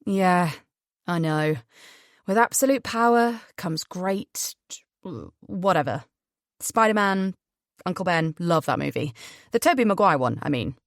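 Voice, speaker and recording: A woman's voice: animated, measured pace, dry recording, clean studio sound. A woman voicing a cocky, nonchalant young man who jokes wryly and offhandedly in an audiobook. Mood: cocky teasing. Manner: lower, wry, offhand.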